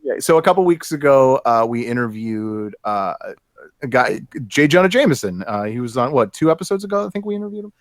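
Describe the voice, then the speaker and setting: A man hosting a casual show, talking in a halting, filler-heavy, upbeat way. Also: medium pitch, lively intonation, dry recording, clean studio sound. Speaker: host. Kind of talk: casual chat.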